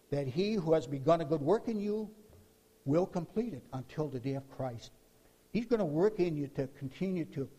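A male preacher delivers a sermon in a high, mellow voice. He tells the story with emphatic bursts and repeats words as he presses his points. The sound rings with the long reverb of a large hall. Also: slightly rough.

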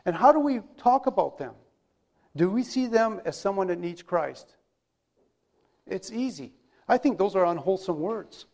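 A man preaching a sermon with a high-pitched voice. He talks in a loose, conversational way and keeps asking his listeners rhetorical questions. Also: animated, moderate pace, long pauses, darkish tone.

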